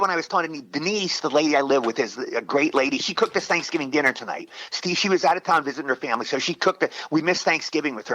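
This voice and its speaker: Man, sixties, rapid rambling anecdotes, bright forceful tone, dry close mic. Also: a little high, dry recording, low-quality recording. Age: 60s. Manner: rambling, repeats himself with excited restarts. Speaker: actor guest. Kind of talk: casual storytelling interview.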